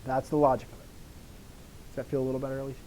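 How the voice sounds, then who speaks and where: In a live online Greek grammar lesson, a man races through the material in a flat, mellow, mid-range voice, with a little hiss or hum audible. He explains step by step, quizzes students and responds with encouragement.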